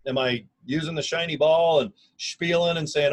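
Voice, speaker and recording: A man in his fifties talks casually and energetically into his own camera, pitching an online business in a folksy, slangy, emphatic way. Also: fairly even intonation, moderate pace, few pauses, rough recording. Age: 50s. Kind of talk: casual self-recorded video pitch. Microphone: camera or phone mic.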